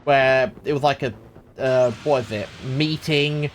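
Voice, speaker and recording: A man's voice: medium pitch, unhurried, slight background noise. A young man live-streaming a game, rambling and ranting with lots of restarts. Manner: rambling, self-interrupting, ranting. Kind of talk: casual live-stream chat while gaming.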